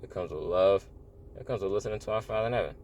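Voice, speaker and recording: A man's voice: deep voice, fast talker, a little mellow, a little hiss or hum. A man giving a casual, earnest spiritual monologue, rambling and repeating phrases, often saying "bro". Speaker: religious vlogger.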